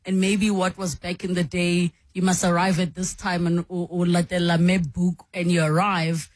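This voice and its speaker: A woman's voice: on the low side, little pitch movement, normal speed, no echo. A woman hosting a radio interview, chatty and reflective, with fillers and self-corrections. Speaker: radio host interviewing a guest. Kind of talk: warm conversational interview.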